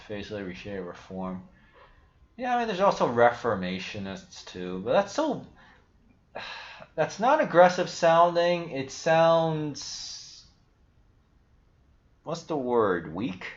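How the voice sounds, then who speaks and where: A man hosting a casual livestream, thinking aloud in a rambling, self-interrupting way and swearing casually. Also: medium pitch. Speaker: livestream host. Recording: echoey, dull lo-fi stream audio.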